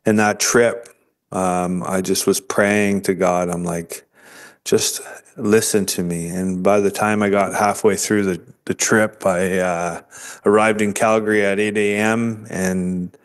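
Earnest man telling his story, low voice. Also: level tone, smooth. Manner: earnest, halting, with many restarts. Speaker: guest sharing his testimony. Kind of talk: emotional storytelling.

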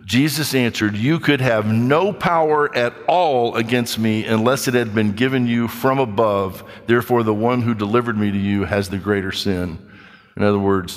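A man preaching a sermon, reading scripture and acting out skeptics in quick, animated asides. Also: fairly low pitch, long reverb tail. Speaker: pastor.

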